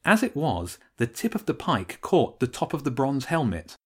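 A man narrating a children's storybook with expressive storytelling. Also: mid-range voice, moderate pace, breathy edge. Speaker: audiobook narrator. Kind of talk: scripted narration.

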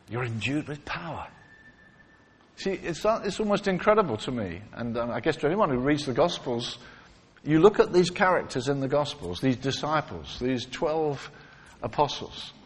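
A man's voice: fairly high pitch, moderate pace, breathy edge. A man preaching a sermon, telling stories with emphatic repetition and acting out the quoted lines. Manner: animated storytelling, acts out quotes, emphatic repetition. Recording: long reverb of a large hall.

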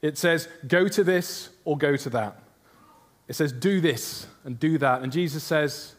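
A man's voice: on the high side, expressive, moderate pace. A man preaching a sermon, earnest, often asking his listeners questions. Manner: earnest, asks the congregation rhetorical questions.

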